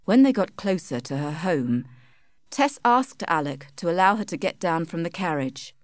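A woman narrating a story in a measured, storytelling manner. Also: on the low side, lively intonation, no echo, studio quality. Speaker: audiobook narrator. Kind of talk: scripted narration of a simplified classic.

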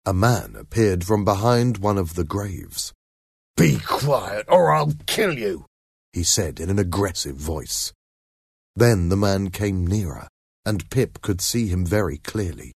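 A man reading a storybook aloud as narrator, in measured, expressive storytelling. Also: sits low, slightly rough, no echo, studio quality. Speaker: audiobook narrator. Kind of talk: scripted narration.

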